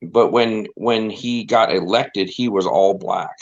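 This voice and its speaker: A man's voice: lowish voice, steady tone, takes it slowly. A middle-aged man chatting on a live stream, rambling and wry and often repeating himself. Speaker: stream co-host. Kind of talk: casual chat on a live stream. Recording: slightly dull lo-fi stream audio.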